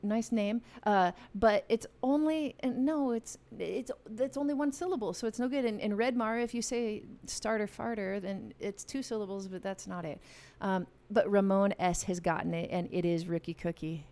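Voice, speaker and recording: A woman with a darkish mid-range voice speaks at normal speed, hardly pausing. She's a playful, chatty music channel host running a live online game, talking straight to viewers on a studio mic from a home music room with a piano.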